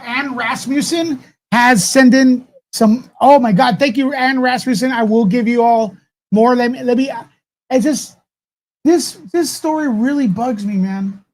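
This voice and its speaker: A man hosts a live commentary stream and rants to his viewers. He curses freely, trips over his own restarts, and keeps circling back to the same point. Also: very high voice. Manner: heated, profane, rambling with restarts.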